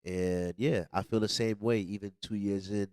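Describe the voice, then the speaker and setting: A man's voice: lowish voice, steady tone, normal speed, a little mellow, smooth, no echo. A man hosting a podcast in casual chat, who keeps slipping into put-on Jamaican and London slang and laughs often. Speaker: podcast host.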